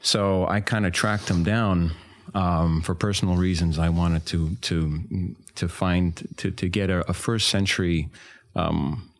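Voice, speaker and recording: Man, very deep voice, podcast guest, hesitant, lots of fillers. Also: steady tone, unhurried. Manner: hesitant, many fillers and restarts. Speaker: guest actor. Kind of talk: casual podcast chat.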